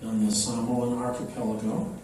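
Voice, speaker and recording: An older man giving an unhurried, anecdotal talk to an audience, with many fillers, recorded from afar in a large echoey hall. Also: medium pitch, little pitch movement, recorded from a distance, noisy background. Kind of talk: public talk. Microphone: microphone, then unamplified.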